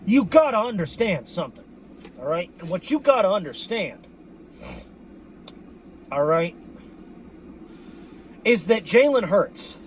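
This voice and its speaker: A boisterous man with a very high voice tears into a profane post-game victory rant from inside a car. He swears freely and breaks into sudden shouted bursts. A faint hum sits behind him. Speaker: football fan vlogger.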